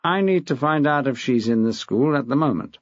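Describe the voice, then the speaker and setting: A man's voice: mid-range voice, expressive, moderate pace, no echo, close to an everyday voice. A man playing a smug, acid head teacher. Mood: testy. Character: smug, testy middle-aged male head teacher. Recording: dull dry lo-fi recording.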